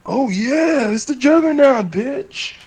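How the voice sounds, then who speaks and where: A man putting on a brash, boastful supervillain brute from a cartoon dub, yelling profanities. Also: very high voice, expressive, slow, breathy edge, pitched above the performer's own voice, heavily acted.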